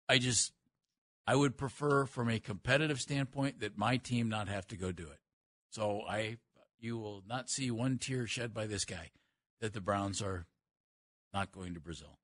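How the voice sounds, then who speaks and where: A man's voice: medium pitch, a bit bright, no room sound, studio quality. A man co-hosting a sports radio show, giving emphatic opinions in casual talk. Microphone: studio microphone.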